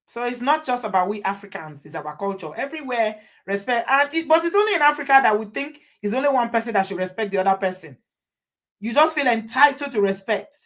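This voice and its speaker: Emphatic woman host. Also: a little high. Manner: emphatic, repeats phrases for effect. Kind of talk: advice monologue to viewers.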